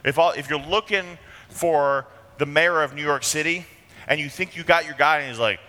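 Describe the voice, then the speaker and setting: Brief: male pastor, bright and forceful tone, conversational sermon full of rhetorical questions, long reverb in the church. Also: on the high side, moderate pace. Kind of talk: expository sermon.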